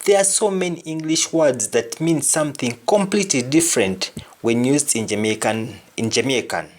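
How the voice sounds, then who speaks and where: A man's voice: mid-range voice, normal speed. A man hosting a video language lesson, speaking emphatically and repeating example phrases. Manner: emphatic, repetitive example sentences. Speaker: language teacher.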